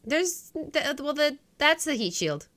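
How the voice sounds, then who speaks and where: A woman casually commenting on her space game while streaming live, jokey and excitable, chatting with viewers. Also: high-pitched, takes it slowly. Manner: jokey and excitable, talking to chat.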